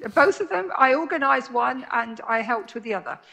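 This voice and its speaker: A woman's voice: sits high, expressive, fairly quick, gravelly, bright, forceful tone. A woman in her sixties from Jersey, a nurse who is a guest in a casual chat and talks in a friendly, plain-spoken way. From Jersey, Channel Islands.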